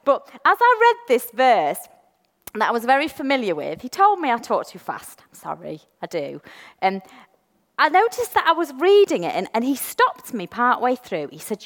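An English woman giving a chatty, self-deprecating sermon in a church, slowing down to read scripture deliberately. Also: fairly high pitch, huge pitch swings, a bit bright, big-room sound. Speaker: preacher.

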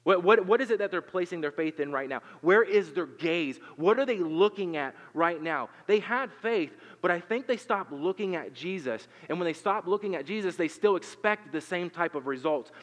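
A man preaches in an earnest, conversational sermon, asking the congregation questions and often doubling his words. His voice sits a little high for a man. It rings with a long reverb, as from a church sanctuary. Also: animated, moderate pace, hardly any pauses, fairly bright tone. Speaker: pastor.

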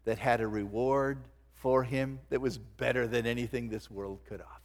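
A man preaching a sermon to his congregation, swinging between loud emphasis and hushed low phrases. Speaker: pastor. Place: church sanctuary. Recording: long hall reverb.

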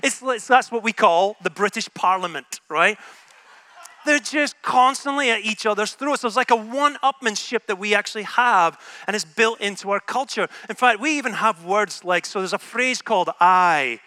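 A man's voice: sits high, normal speed, pushed and bright, no room sound. A Scottish man preaching a sermon to a room, humorous and conversational, often asking "right?". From Scotland. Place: in a room with an audience.

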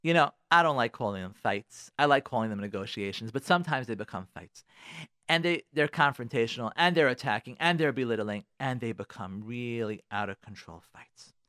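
A man's voice: medium pitch, brisk, a bit bright, dry recording, clean studio sound. A man giving marriage advice on a radio talk show, preaching with rhetorical questions and repetition. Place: radio studio.

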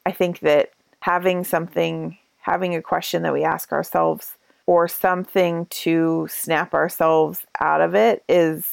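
A woman speaks in a relaxed, supportive way, reflecting on what she has just heard. Her voice is low and strongly gravelly with vocal fry. The sound is dry and close. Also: unhurried, no room sound. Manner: supportive, frequent listening affirmations. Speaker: podcast co-host. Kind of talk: casual conversational chat.

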